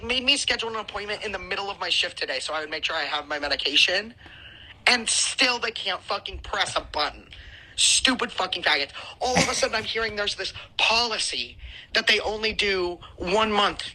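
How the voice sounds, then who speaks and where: A woman's voice: medium pitch, animated, a little fast, pushed and bright, rough recording. A podcast co-host, a woman, venting about a frustrating situation in a furious, profanity-heavy storytelling rant.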